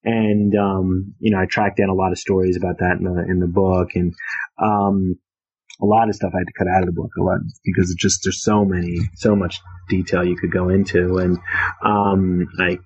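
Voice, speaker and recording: A man's voice: low-pitched, flat delivery, normal speed, darkish tone, slightly rough. A man, an author, telling a long story about his book in a casual, rambling way with many fillers. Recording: dull lo-fi sound.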